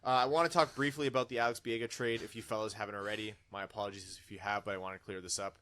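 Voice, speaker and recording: A man's voice: on the low side, steady tone, very fast, a bit bright, clean tone. A man hosting a casual podcast, reading listener comments aloud in a chatty way. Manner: chatty, reads comments with put-on dramatic voices. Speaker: podcast host.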